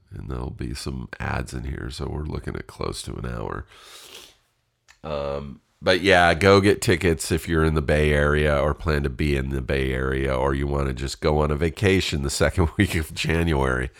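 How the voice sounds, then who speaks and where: Very deep, gravelly, slow-talking man. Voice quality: stuffy, congested. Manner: candid, self-deprecating, swears casually. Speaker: podcast host. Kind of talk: casual solo podcast talk.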